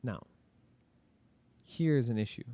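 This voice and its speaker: Slow and mellow, his mid-range voice carries a laid-back grammar lesson. The male teacher quizzes himself on example sentences, supplies the answers, and readily confesses his slip-ups.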